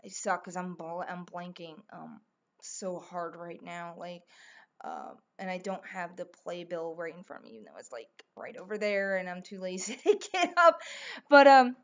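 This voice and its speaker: A woman's voice: lowish voice, expressive, moderate pace, muffled recording. A woman chatting in a casual vlog, gushing and rambling with lots of fillers and restarts. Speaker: vlogger.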